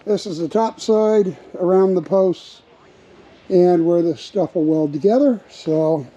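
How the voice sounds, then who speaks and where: A man with a high-pitched, dark-toned voice talks at a measured pace, casually narrating each step of a hands-on repair on his RV for the camera. He's a vlogger working in a workshop area around a vehicle frame. The recording is muffled, with a little hiss or hum.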